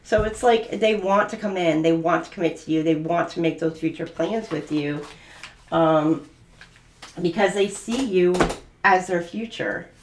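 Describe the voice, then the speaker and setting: A woman's voice: lowish voice, a little slow, reverberant, slight background noise. Giggly woman gushing through a tarot reading. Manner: giggly and gushing, many fillers. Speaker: tarot reader. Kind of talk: casual spoken tarot reading.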